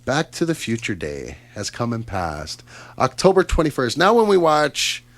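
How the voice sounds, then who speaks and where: A Canadian man hosts a casual radio chat from a studio. He talks in an upbeat, chatty way, full of fillers and quick asides, at an ordinary middle pitch. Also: wildly swooping pitch, no echo. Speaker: radio host.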